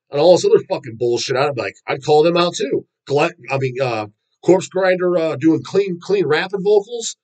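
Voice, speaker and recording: A man's voice: fairly high pitch, darkish tone, low-quality recording. A man casually ranting and telling rambling, profane stories, full of fillers and restarts. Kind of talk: casual rant about metal.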